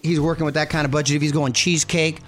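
A middle-aged man hosting a radio show, chatting casually and playfully with his co-host, often jumping to high exclaims. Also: flat delivery, quick pace, soft background music.

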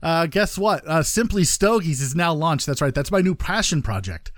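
A man's voice: fairly high pitch, animated, moderate pace, no room sound, clean studio sound. A man hosting a casual gaming podcast, joking and rambling with lots of fillers. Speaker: podcast host.

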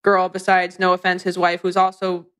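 A woman's voice: on the low side, completely flat delivery, moderate pace, fairly bright tone, clear, resonant tone. A young woman co-hosting a podcast, blunt and sarcastic in casual chat. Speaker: podcast co-host.

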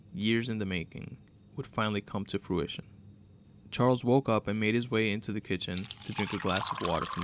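Gravelly low-voiced male narrator. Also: no room sound. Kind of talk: reading a dark crime story aloud.

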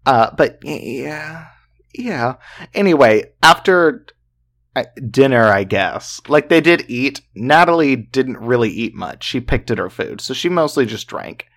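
A man co-hosts a podcast and tells a true-crime case in a relaxed, conversational way. He talks at a middling pitch and peppers the story with fillers and casual swearing. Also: a little slow. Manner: chatty, profane, full of fillers. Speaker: podcast co-host.

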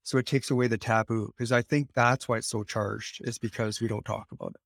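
This guest author on a podcast is earnest and conversational and tends to repeat himself to stress a point. He has an ordinary mid pitch, a steady tone, a fairly quick pace and some vocal fry. The audio is dry and close-miked, with no room sound.

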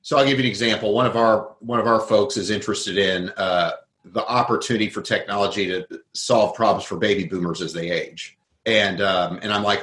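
A man with a lowish voice talks through his ideas as an interview guest. He explains thoughtfully, building points from concrete examples. The room around him is noticeably echoey. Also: fairly even intonation, a little fast, fairly bright tone. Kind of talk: conversational interview.

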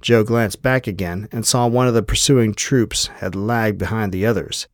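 A male audiobook narrator reads a novel in a low voice, keeping his scripted delivery even and measured. The recording is dry and close, with no room sound at all.

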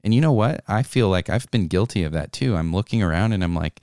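Earnest young guy chatting about scripture, deep voice, lots of restarts. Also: animated, fast, hardly any pauses, mellow, clear, resonant tone, no echo, studio quality. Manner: earnest, conversational, with many restarts and asides. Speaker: co-host reading and discussing scripture. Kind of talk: reflective devotional talk.

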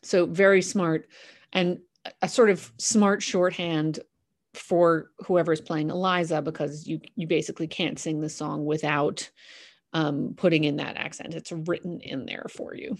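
A woman's voice: low voice, fairly even intonation, measured pace. Chatty woman enthusing about a musical. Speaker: podcast host analysing a musical. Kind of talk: casual analytical commentary.

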